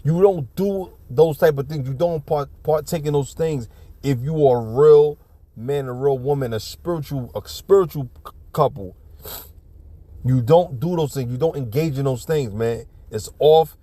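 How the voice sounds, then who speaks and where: A man's voice: mid-range voice, moderate pace, warm tone, no echo. A man giving casual ranting commentary on a video clip, blunt, profane and preachy, often restarting his sentences.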